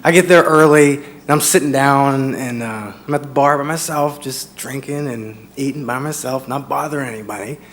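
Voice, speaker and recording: A man's voice: mid-range voice, moderate pace, few pauses, a bit bright, slight background noise. A man doing stand-up, telling a rambling bar story that repeats itself and breaks into his own laughter. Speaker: stand-up comedian.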